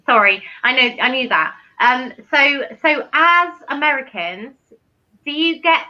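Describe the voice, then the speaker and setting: High, bright-voiced British woman. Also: expressive, measured pace, lo-fi sound. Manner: eager, curious questioner. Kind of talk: casual group chat.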